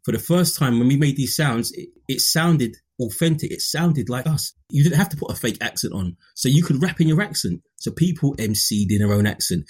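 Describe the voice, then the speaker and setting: A man's voice: mid-range voice, lively intonation, a little fast, few pauses, darkish tone, husky. A man from London with a London accent, talking passionately and preachily as a guest author, using casual slang. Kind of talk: animated conversational discussion.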